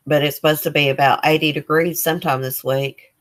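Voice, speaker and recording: On her casual morning livestream, a woman chats a little fast in a low voice with fairly even intonation. She reads comments from viewers aloud and rambles loosely, using lots of fillers.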